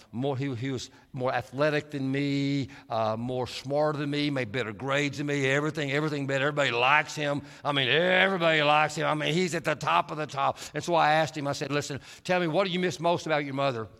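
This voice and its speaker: A man preaching a sermon, telling stories and shifting from hushed, slow passages to lively, animated stretches. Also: medium pitch, vocal fry. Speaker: pastor. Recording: long hall reverb.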